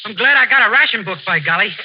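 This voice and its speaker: A naive, boyish young singer. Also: male voice, lively intonation, quick pace, heavy background noise. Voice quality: high, boyish and innocent. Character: naive, dim young male singer sidekick. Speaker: comic sidekick. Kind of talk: 1940s radio comedy acting. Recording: dull old radio broadcast.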